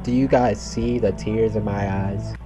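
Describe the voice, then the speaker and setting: A man's voice: lowish voice, steady tone, measured pace. Jumpy young man doing game commentary. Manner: playful, jumpy, talks to viewers. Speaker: gaming video host. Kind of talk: let's-play commentary. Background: faint game music.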